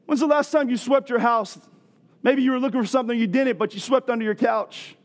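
A middle-aged man preaching a sermon as pastor, animated and building to loud rhetorical questions. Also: extremely high pitch, fairly quick.

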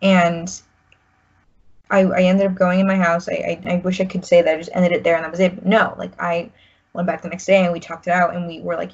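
Husky-voiced woman in her 20s, slightly low, rambling and candid, muffled recording. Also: level tone, a little fast. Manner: rambling, full of "like" and restarts. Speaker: guest sharing a personal story. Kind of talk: candid personal storytelling.

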